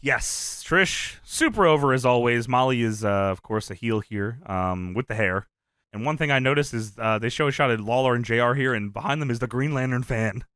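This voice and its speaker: A man co-hosting a casual wrestling review podcast, talking in a profane, animated way and laughing often. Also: mid-range voice, normal speed, smooth, no room sound, clean studio sound. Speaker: podcast co-host.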